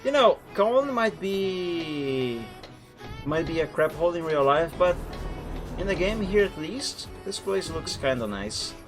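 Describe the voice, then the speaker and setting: A young man with a foreign accent, chatting casually and rambling while he streams a driving game, over loud background music. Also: a little high, lively intonation, moderate pace. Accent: foreign accent in English. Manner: chatty, rambling, self-correcting. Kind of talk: casual live-stream chat while playing. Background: lofi music and truck engine.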